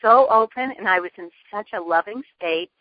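A woman guest telling a personal story in an interview, earnest and lively, laughing often. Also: medium pitch, normal speed, slight background noise. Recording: dull lo-fi phone line.

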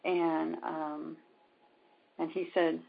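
A woman guest speaking of her healing work, retelling events with quoted dialogue and many pauses and ums. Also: sits low, little pitch movement. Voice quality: gravelly, husky. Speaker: spiritual healer guest. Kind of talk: storytelling in a conversation. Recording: dull lo-fi sound.

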